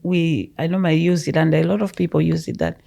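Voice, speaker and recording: A woman from Malawi speaks in a gravelly, fairly low voice. She adds her view to a casual podcast conversation in a measured way. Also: warm tone. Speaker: podcast guest.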